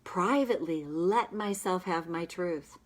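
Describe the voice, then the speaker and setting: Brief: woman tapping coach, low voice, unhurried, emphatic repeated affirmations. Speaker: tapping practitioner. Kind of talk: guided tapping session.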